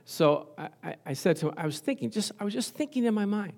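A man's voice: high-pitched, animated, quick pace, darkish tone. A man in his sixties preaching a sermon in church, telling funny stories about his marriage, laughing often and calling out "Amen?" to the congregation. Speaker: pastor. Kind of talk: humorous sermon.

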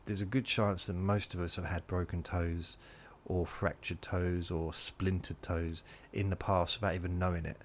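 A man with a very low voice wanders through a sleepy podcast monologue. He keeps breaking off and circling back as he talks. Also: level tone, normal speed, few pauses, fairly bright tone, a little hiss or hum. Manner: meandering, self-interrupting, drifting between points. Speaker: podcast host.

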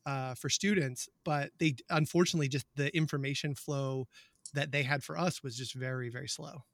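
A man's voice: mid-range voice, steady tone, brisk, gravelly, no room sound, studio quality. A man who teaches biology, chatting in a rambling, easygoing way and laughing often. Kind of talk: casual conversation.

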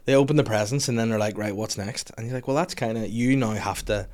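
Man, 30s, podcast host, jokey and loose, mid-pitched. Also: fast. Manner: lively, joking, swearing freely. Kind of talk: casual chat.

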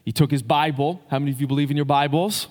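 A man's voice: a little high, fairly even intonation, quick pace. A man preaching a sermon in a loose, conversational way, with fillers and restarts, addressing his congregation. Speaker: pastor. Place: church sanctuary. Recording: long hall reverb.

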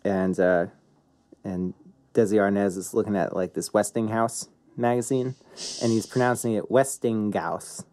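A man's voice: fairly low pitch, steady tone, moderate pace, a little mellow. A man co-hosting a casual chat, easygoing and a little hesitant. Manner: easygoing, hesitant, with fillers and restarts.

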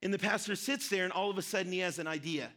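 A man's voice: high voice, fast, bright, forceful tone. A man preaching a sermon, telling a story earnestly and repeating key phrases for emphasis. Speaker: pastor.

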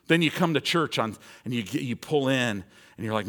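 A man preaching a sermon, emphatic and repetitive, moving between soft lows and loud, raised passages. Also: fairly quick.

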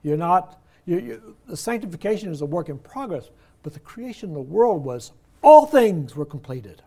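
A man's voice: sits high, lively intonation, vocal fry, darkish tone. Older man teaching a Bible class. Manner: conversational, explains words slowly with emphasis. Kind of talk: Bible study lesson.

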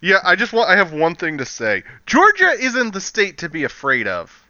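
A man with a bright, crisp voice and a lively pitch. He drops short, dry remarks into a casual podcast chat, close and dry on the mic. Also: normal speed, no room sound, dull audio. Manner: dry, brief interjections. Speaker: podcast co-host.

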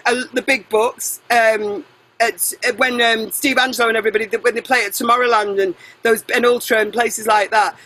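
A middle-aged woman singer being interviewed, chatty and animated, jumping between tangents and correcting herself. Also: a little high, poor audio. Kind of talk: casual interview chat.

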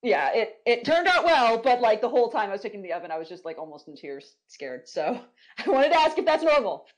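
A woman's voice: a little high, very animated, fairly quick. A woman hosting a podcast, chatting casually, laughing often and swearing freely. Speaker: podcast host. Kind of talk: casual chat.

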